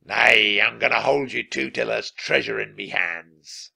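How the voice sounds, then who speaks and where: A man's voice: fairly low pitch, measured pace, vocal fry, bright, forceful tone, heavily acted. A man doing a growling pirate captain. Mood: gruff. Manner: growling, roaring. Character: gruff one-eyed male pirate captain.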